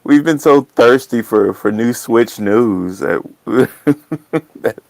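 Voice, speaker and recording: Chill guy on a stream, talks real slow, dry close mic. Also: mid-range voice, vocal fry, a little mellow, no echo, poor audio. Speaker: stream guest. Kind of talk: casual livestream chat.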